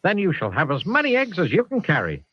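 A man's voice: wildly swooping pitch, fast, breathy edge, no echo, heavily acted. A man voicing a worried, stammering farmer with a West Country accent, raised far above his own voice. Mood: grateful. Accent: West Country English. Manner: stammering, high-strung. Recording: dull lo-fi sound.

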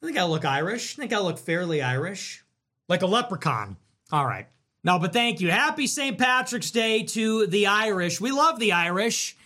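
A man's voice: high-pitched, normal speed. A man hosting a livestream, chatting casually and reacting to donations in a sarcastic, provocative, joking way. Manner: animated, sarcastic, provocative, jokey. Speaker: livestream host reading donations.

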